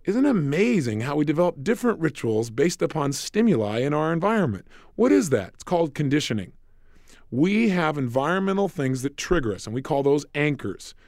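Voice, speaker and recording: A man giving an animated motivational talk on a recorded self-help program, emphatic and acting out dialogues. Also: a little high, brisk, no room sound, studio quality.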